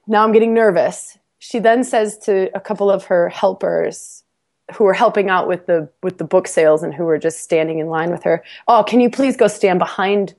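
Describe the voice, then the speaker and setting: In a casual podcast interview, a female guest recounts something personal with animated, self-deprecating humor and frequent laughter, often repeating words as she starts sentences over. She speaks at a moderate pace in a lowish voice.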